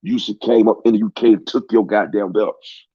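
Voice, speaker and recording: A man with a very low, deep voice rants about sports in a heated, profane way. The sound is dry and close, with a dull, lo-fi quality. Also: steady tone, fairly quick, slightly rough, dry recording. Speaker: sports commentator. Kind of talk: casual rant.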